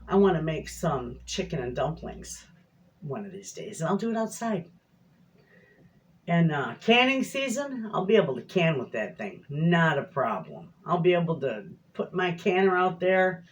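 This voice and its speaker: A middle-aged woman with a fairly low, expressive voice chats casually with viewers from her home kitchen, speaking a little slowly. She's a homestead cooking vlogger and a rambling, folksy storyteller.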